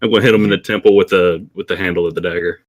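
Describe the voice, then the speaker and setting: A man's voice: low voice, fairly even intonation, very fast. A man playing a tabletop role-playing game, talking in a casual, blunt way. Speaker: player.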